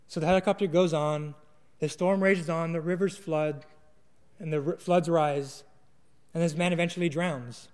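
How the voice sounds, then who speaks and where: A young man gives a sermon in a loose, earnest storytelling manner, now and then restarting a word. His voice sits high for a man. The sound rings with the long reverb of a large hall. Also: fairly even intonation, moderate pace, smooth. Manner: casual, earnest, with small restarts. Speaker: preacher.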